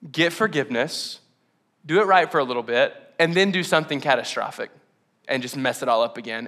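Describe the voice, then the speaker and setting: A man's voice: mid-range voice, a little fast, fairly bright tone. A young male pastor giving a candid, conversational sermon that builds to impassioned emphasis. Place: church auditorium.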